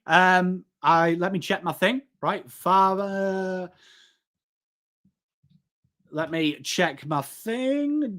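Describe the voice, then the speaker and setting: An Englishman with a somewhat high, fairly bright voice runs a casual live stream. He reads chat aloud, banters with his viewers and keeps calling them mate.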